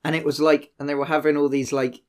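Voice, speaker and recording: A young man with a fairly high voice, rambling through a story on a podcast. He acts out its scenes with sudden shouted voices, loose and casual. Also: little pitch movement, fast. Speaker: podcast co-host.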